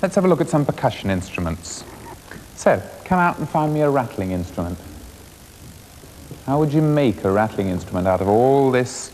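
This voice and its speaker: A man leads a class of young children through percussion games, brisk and encouraging. His voice swings up and down a lot. It is heard on an old 1980s schools TV recording, with a long hall reverb and faint background hiss. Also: mid-range voice, very animated, darkish tone. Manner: encouraging, brisk teacher questions. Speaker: music presenter teaching a primary class. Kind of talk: classroom music lesson for schools TV.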